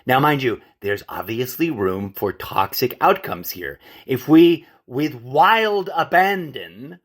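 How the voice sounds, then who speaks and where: A podcast host with a medium-pitched, very animated voice speaks unhurriedly in a solo monologue. He rants and digresses, often corrects his own words, and calls his listeners folks and friends.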